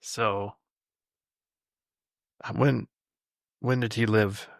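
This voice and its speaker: A man hosting a podcast, asking casual questions in a halting way and often restarting his sentences. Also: on the low side, fairly even intonation, creaky, dry recording, studio quality. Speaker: podcast host. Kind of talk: casual interview chat.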